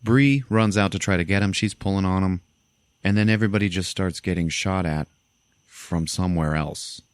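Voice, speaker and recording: A man hosting a podcast, casually retelling a movie plot in an animated, profane way and acting out the characters' lines. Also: low voice, moderate pace, clean tone, dry recording. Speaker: podcast host.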